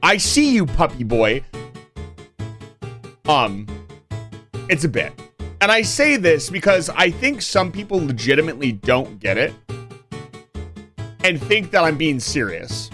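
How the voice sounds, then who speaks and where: A man's voice: a little high, big pitch swings, unhurried, long pauses, bright, forceful tone, faint music behind. A young man streaming live, talking casually to his chat and swinging between mock-angry joking and earnest reassurance.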